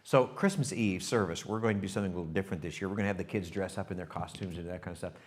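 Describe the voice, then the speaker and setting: A male pastor with a low voice preaches at a rapid-fire pace. He tells a story with animation, then drops into hushed reflection, speaking straight to his congregation.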